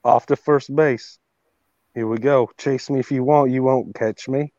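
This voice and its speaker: A man's voice: mid-range voice, fairly even intonation, measured pace, darkish tone, dry recording, highs cut off, close to an everyday voice. A man putting on a cocky British-accented dog. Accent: put-on British accent. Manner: cocky, gleeful running commentary. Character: playful boastful male dog stealing a ball.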